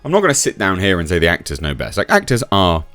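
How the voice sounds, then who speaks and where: A male YouTube commentator talks fast with huge pitch swings and a slightly bright voice, reading out quotes and reacting sarcastically. His chatty delivery jumps from low muttering to sudden, emphatic highs. The recording has no room sound and faint music behind it.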